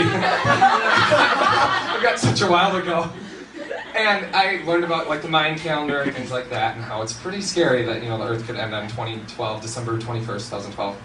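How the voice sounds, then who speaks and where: Brief: young male stand-up, swooping bright delivery, caught from afar over room noise. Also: fairly high pitch. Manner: animated, laughing often, bursts of shouting. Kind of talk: stand-up comedy. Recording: roomy hall, distant mic, noisy.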